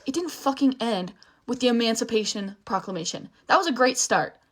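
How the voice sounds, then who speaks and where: A woman's voice: a little high, lively intonation, fairly quick. A young woman ranting angrily to camera, swearing often and breaking off mid-sentence. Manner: angry, swearing often, emphatic; restarts and trails off while upset. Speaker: social media creator. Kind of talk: heated rant to camera.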